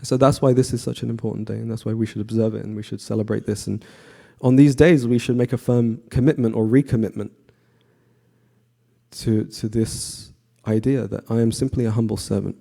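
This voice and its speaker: A man giving a conversational devotional class to a temple audience, often asking the audience questions and pausing with fillers. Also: fairly low pitch, vocal fry. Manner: frequent fillers and restarts, relaxed.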